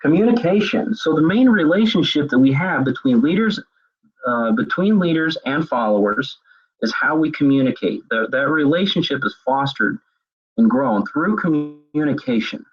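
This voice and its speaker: Middle-aged male webinar presenter, husky voice, conversational and a bit halting, muffled lo-fi audio. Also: on the high side, expressive. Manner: conversational, repeats words while thinking. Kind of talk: webinar lecture. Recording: dull lo-fi web seminar audio.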